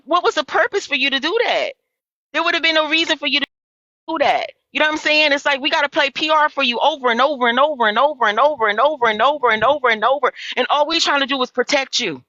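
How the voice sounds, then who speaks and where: Woman, high and sharp voice, heated profane venting, repeats herself, dry dull lo-fi stream audio. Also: dry recording. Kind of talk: heated casual livestream chat.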